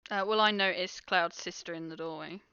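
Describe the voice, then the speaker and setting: A woman's voice: fairly low pitch, steady tone, fairly quick, bright, forceful tone, clean tone, no room sound. A woman playing a tabletop game, speaking in a wry, direct way. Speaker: player. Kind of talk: casual tabletop play. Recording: dull lo-fi recording.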